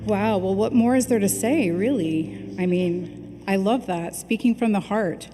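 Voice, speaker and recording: A woman hosting an awards ceremony, speaking warmly with frequent ums as she thanks winners and crew. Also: mid-range voice, a little slow, over music. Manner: warm, chatty, with frequent ums. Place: large hall at an awards ceremony. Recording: reverberant hall with faint noise.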